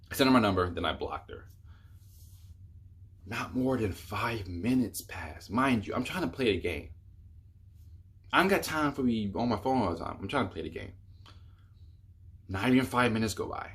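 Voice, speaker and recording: A man's voice: fairly low pitch, expressive, moderate pace, long pauses, a bit bright. A young man telling a rambling, exasperated storytime on his vlog, full of fillers. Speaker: YouTuber.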